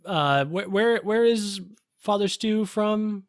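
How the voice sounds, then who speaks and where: A man's voice: high voice, slow, no room sound, studio quality. A man co-hosting a film review podcast in casual chat, hesitant with many fillers and restarts. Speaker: podcast co-host.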